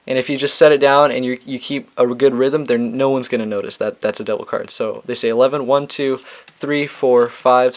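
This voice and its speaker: Young guy walking through a card trick, laid-back and chatty, mid-pitched voice. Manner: relaxed and chatty, with fillers and restarts. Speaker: magic tutorial host. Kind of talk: casual instructional explanation.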